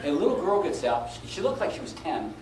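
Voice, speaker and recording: A middle-aged man speaking at a conference, telling an anecdote with animated delivery and laughing at his own story. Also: on the high side, fairly quick. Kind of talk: live anecdotal talk. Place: conference hall. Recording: echoey live hall, taped from a distance with noise.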